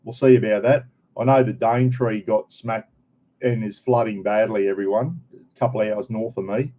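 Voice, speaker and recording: Male North Queensland Aussie host, casual live chat, mellow tone, rambling and slangy. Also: fairly low pitch, fairly even intonation, normal speed. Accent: North Queensland Australian. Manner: laid-back, rambling, broad colloquial slang. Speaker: vlogger. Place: home, indoors.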